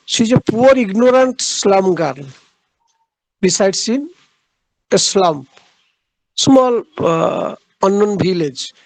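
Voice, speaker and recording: A man lectures on literature in a high, gravelly voice with lively intonation. His delivery is halting, with phrases often repeated and pauses filled with "uh." The recording is dry, without any room echo.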